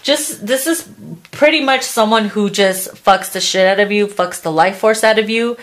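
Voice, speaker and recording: A woman's voice: medium pitch, normal speed. Crude, laughing woman reading tarot. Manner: blunt and crude, laughs often, acts out quotes. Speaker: tarot reader.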